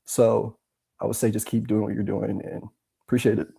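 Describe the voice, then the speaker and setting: A man's voice: on the low side, level tone, normal speed, gravelly, mellow, breathy edge. A male caller wrapping up his points in a casual, supportive way, with lots of filler words. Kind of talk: casual call-in discussion.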